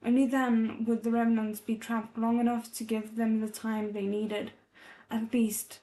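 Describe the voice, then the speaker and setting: A woman reading a novel aloud as a readalong host, soft and measured, breaking off to react with feeling. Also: on the high side, level tone. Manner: emotionally invested, breaks off to react.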